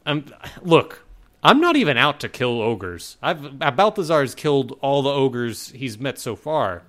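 A man co-hosting a casual podcast chat, talking in a relaxed way with many fillers and restarts. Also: mid-range voice, unhurried. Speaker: podcast co-host.

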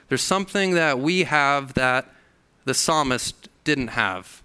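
Earnest bright-voiced male preacher. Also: medium pitch, clean tone. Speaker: pastor. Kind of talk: sermon. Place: church hall.

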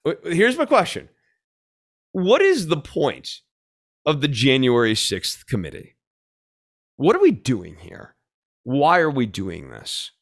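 A man's voice: medium pitch, huge pitch swings, slow pace, vocal fry, long pauses. A man hosting a podcast, giving solo political commentary in a blunt, sarcastic way, thinking aloud with frequent fillers and restarts. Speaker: podcast host.

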